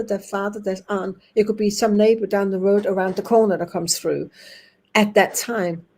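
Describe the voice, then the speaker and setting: A woman's voice: medium pitch, dark tone, husky. A woman who is a physical medium, telling emphatic, forthright anecdotes in a spiritualist talk.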